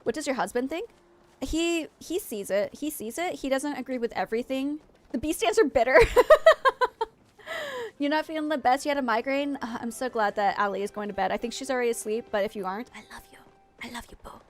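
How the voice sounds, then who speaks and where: A woman streaming and chatting casually with her viewers, frank and quick to vent. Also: high-pitched, animated. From United States.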